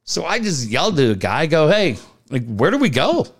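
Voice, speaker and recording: A middle-aged man sits in on a casual podcast chat, spinning stories and playing out every exchange in the voices of the people involved. His voice sits a little high for a man and swings up and down a great deal as he talks, with plenty of swearing mixed in. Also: a little fast. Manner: animated storyteller acting out dialogue, swears freely. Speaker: podcast co-host.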